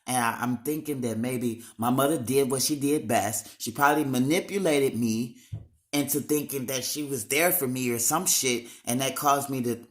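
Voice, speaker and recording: A man's voice: medium pitch, normal speed. A young man talking straight to the camera in a raw, emotional monologue, slangy and full of swearing.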